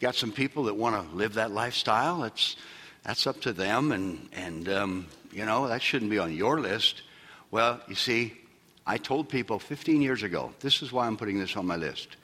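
A man preaching a sermon as pastor, swinging from shouted peaks down to low, quiet asides. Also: animated, normal speed, long reverb tail. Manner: preaching with loud shouted peaks and sudden drops.

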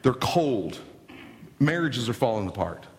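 Animated preacher in a reverberant hall. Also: male voice, mid-range voice, a little slow. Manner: dramatic, swings from hushed to shouting. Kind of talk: sermon.

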